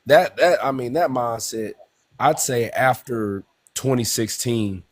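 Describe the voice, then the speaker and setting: A man calling in to a live discussion, explaining his view in a measured way. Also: mid-range voice, no echo. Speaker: caller.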